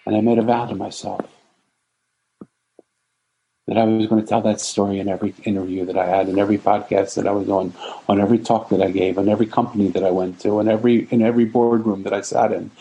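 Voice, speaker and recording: A man with a lowish, dark voice, heard on a rough recording, tells an inspirational story. He speaks earnestly and emphatically, stacking repeated phrases into lists.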